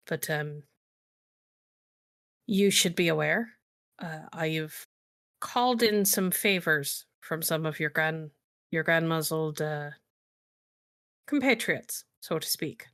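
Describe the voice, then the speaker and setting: Worried older grandfather on a voicemail, read by a woman, halting and quietly ominous, pitched a touch low. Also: smooth, no room sound, clean studio sound. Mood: concerned.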